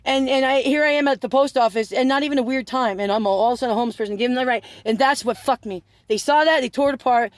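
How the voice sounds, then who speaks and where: A vlogger tells a rambling story, swearing constantly, laughing as he goes, and tossing in sarcastic asides. His voice is very high-pitched and fast, with hardly any pauses and no room sound.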